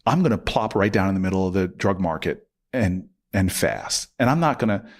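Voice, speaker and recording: A man in his forties tells a long personal story in a relaxed interview. His voice sits fairly low but swings up sharply whenever he acts out an argument between two people. His talk is lively and full of feeling. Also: a little fast. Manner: animated storyteller, acting out both sides of arguments. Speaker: podcast guest.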